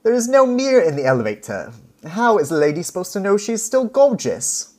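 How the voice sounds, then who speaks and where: A man's voice: high-pitched, big pitch swings, a little fast, darkish tone, voice pushed up. A man putting on a vain glamorous lady with a British Italian accent. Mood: vain, playful. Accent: put-on British Italian. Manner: theatrical, preening.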